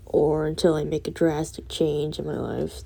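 A drowsy young woman ranting late at night, rambling and swearing with soft laughs breaking in. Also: low voice, fairly even intonation, normal speed, vocal fry, husky. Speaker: vlogger.

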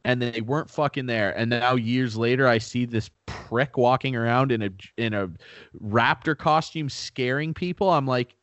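A man's voice: mid-range voice, normal speed, fairly bright tone, no room sound, dull audio. A young man co-hosting a podcast, chatting casually with lots of "like" and "dude" and some swearing. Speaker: podcast co-host. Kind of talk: casual chat.

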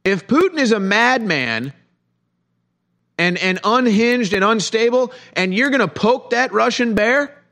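A man's voice: high voice, expressive, measured pace, sharp tone. A middle-aged man hosting a heated political commentary show, sarcastic and full of rhetorical questions.

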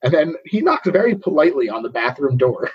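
A man's voice: fairly high pitch, big pitch swings, a little fast, husky. A man hosting a podcast, casually recapping a movie with jokes and frequent laughs. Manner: jokey, laughs often mid-sentence. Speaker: podcast host. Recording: dull lo-fi recording.

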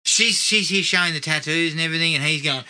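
A man's voice: on the high side, fast talker, sharp tone. A man co-hosting a casual film review podcast, swearing and laughing often.

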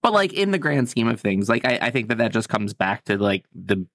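A man's voice: lowish voice, very animated, fairly quick, fairly bright tone, no echo. A man co-hosting a casual podcast, telling stories in a laid-back way full of fillers. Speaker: podcast co-host.

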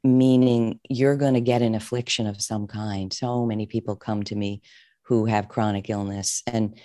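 In an interview, a middle-aged woman who works as a therapist and coach shares her own story expressively and emotionally, often restarting her sentences. Her voice is very deep, her speed normal, and there's no echo.

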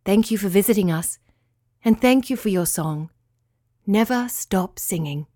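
A woman voicing a kind female moon in a storybook, soft and reassuring. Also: mid-range voice, lively intonation, measured pace, no echo, studio quality. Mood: gentle. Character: kind, calm female moon, gentle guide.

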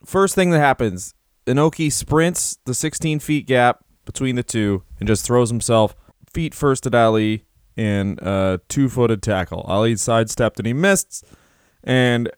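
A man rambles through a crude comedy bit, his voice smooth and resonant at an ordinary middle pitch. The sound is dry and close, with no room around it. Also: no echo. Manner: crude, rambling storytelling with silly put-on voices. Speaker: podcast co-host. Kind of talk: improvised comedy chat.

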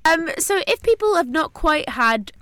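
A woman's voice: very high voice, big pitch swings, unhurried, a bit bright, dry recording, clean studio sound. A woman co-hosting a podcast, bubbly and enthusiastic in casual chat. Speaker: podcast co-host.

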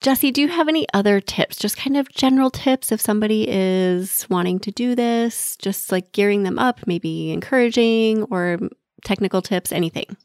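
A woman's voice: mid-range voice, normal speed, darkish tone, dry recording, clean studio sound. A woman hosting a podcast, chatty and effusive, with frequent filler words. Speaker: podcast host. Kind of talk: podcast interview.

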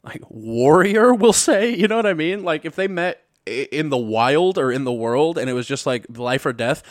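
A man's voice: fairly high pitch, animated, moderate pace, no room sound, clean studio sound. A young man from Missouri hosting a podcast, ranting in a casual, profane, rambling way that keeps cutting itself off with jokes. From Missouri, USA. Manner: profane, rambling, self-interrupting, jokey. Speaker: podcast host. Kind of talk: casual comedic rant. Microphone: podcast mic.

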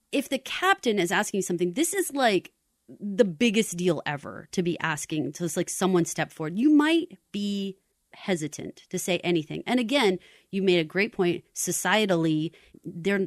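A woman's voice: lowish voice, dry recording, studio quality. A woman co-hosting a casual podcast, chatty and thinking aloud about a TV drama. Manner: chatty, reasoning aloud, many fillers. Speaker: podcast co-host. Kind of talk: casual chat discussing a TV drama.

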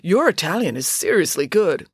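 A woman voicing an eager, excitable teenage boy who gushes breathlessly. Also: lowish voice, normal speed, husky, no echo, studio quality. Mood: excited.

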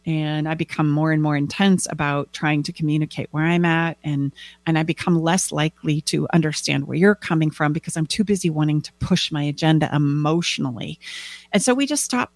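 A woman's voice: fairly quick, no echo. A woman coaching on relationships and communication, acting out quoted dialogue with big leaps in her voice. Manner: animated, acts out quoted dialogue with big pitch jumps. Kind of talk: teaching talk with acted examples.

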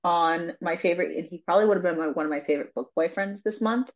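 A woman co-hosting a casual book club podcast, retelling the plot with lively acted-out quotes. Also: fast talker, muffled recording. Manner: animated retelling, acts out quotes in high voices. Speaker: podcast co-host.

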